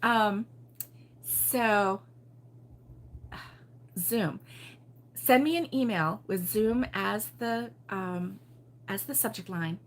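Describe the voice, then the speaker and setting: A woman's voice: mid-range voice, drawn-out words, pauses often. An older woman from Baltimore hosting a casual crochet livestream, chatty and giggly, rambling with lots of ums. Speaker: crochet show host.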